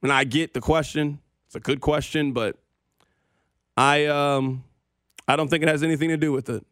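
A man's voice: fairly high pitch, fairly even intonation, moderate pace, fairly bright tone, dry recording. A man hosting a sports radio show, ranting with opinions and dry sarcasm.

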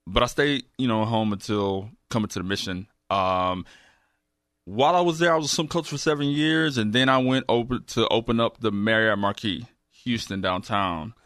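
Soft-spoken man, halting. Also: fairly low pitch, no room sound, clean studio sound. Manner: halting, many fillers and restarts. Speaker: guest, recovery program graduate. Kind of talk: casual interview conversation.

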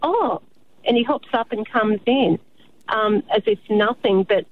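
A woman's voice: medium pitch, normal speed. A woman, a mother of seven, calling in by phone and telling a story in a chatty, hesitant way. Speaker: caller. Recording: tinny phone line with faint hiss.

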